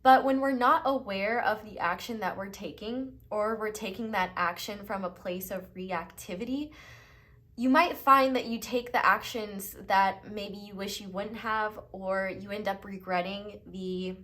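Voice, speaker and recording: A young woman giving an unscripted tarot reading, talking in a gentle, reflective and reassuring way. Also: mid-range voice, fairly even intonation, unhurried. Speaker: tarot reader.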